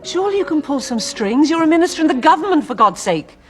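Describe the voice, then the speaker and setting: An actress playing a poised madam who blackmails a client, speaking coolly and deliberately, in a film with faint music. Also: female voice, high voice, big pitch swings. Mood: coolly persuasive. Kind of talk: film drama.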